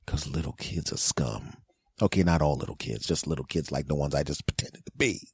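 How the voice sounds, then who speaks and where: A man's voice: a bass voice, a little fast, slightly rough, no room sound, studio quality. A man in his forties hosting a podcast, delivering a profane, mocking comedic rant. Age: 40s. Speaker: podcast host.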